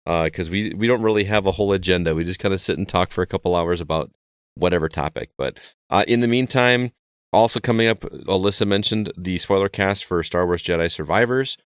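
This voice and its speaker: A man with a very deep, resonant voice hosts a laid-back gaming podcast. He chats loosely with his co-hosts and runs through announcements in an easy tone. The sound is dry and close. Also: brisk, smooth, no room sound. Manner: relaxed and chatty, reads show plugs. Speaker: podcast host. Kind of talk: casual podcast chat.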